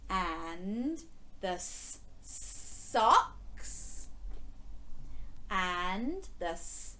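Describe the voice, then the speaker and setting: A woman leads a children's phonics lesson in a sing-song, bouncy voice that swoops up and down. She talks very slowly and drags out the letter sounds. A faint background hiss sits under the recording. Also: mid-range voice. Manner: animated, sing-song, gasping with exaggerated surprise. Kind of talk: interactive lesson for young children.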